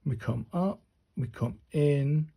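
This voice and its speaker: This man's voice is a little high and warm, with vocal fry, and he takes things slowly. He gives a chatty talk-through of handwriting practice for viewers while muttering to himself as he writes.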